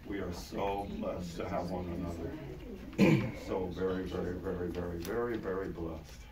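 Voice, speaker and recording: Older man, hoarse, low voice, earnest casual sermon, echoey church hall, distant mic. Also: fairly even intonation, normal speed, a crowd in the background. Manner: earnest, casual and conversational, repeats words for emphasis. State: hoarse, voice partly gone. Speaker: pastor. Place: large church hall with congregation. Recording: echoey hall, taken from far off, noisy.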